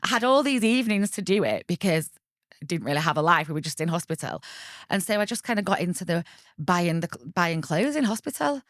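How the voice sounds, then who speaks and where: A woman in her thirties tells her personal story as a podcast guest, chatty and animated. Her voice sits on the low side and sounds dry and close to the mic. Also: a little fast, dry recording. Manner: chatty, animated, laughs often and acts out quoted voices.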